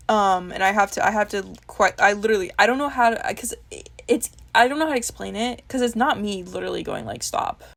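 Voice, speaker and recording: A young woman talking candidly to camera in a casual vlog, swearing freely and laughing at herself. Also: medium pitch. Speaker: vlogger. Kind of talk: casual confessional chat.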